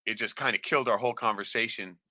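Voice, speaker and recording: Blunt, foul-mouthed man, bright dry voice. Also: on the low side, fast talker, no room sound. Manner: swears constantly, blunt storytelling with lots of "right?". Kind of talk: casual profane chat.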